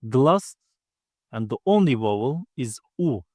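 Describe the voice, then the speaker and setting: A man's voice: medium pitch, big pitch swings, measured pace, a little mellow, no echo, studio quality. A man teaching a grammar lesson, patiently explaining step by step and sounding out each vowel himself. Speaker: language teacher. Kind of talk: slow spoken grammar lesson.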